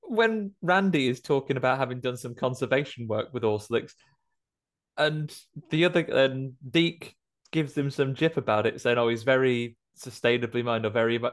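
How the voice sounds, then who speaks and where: A young man co-hosting a podcast, trading jokey, sarcastic remarks about a horror film. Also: mid-range voice. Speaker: podcast co-host. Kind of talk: casual film chat.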